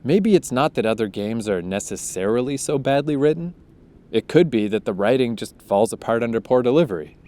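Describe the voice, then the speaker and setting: Guy reading his own book outside, swears a lot, cuts off into rants, mid-pitch voice. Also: animated, brisk, warm tone. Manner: profane, opinionated rants between reading. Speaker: audiobook author and podcaster. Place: outdoors.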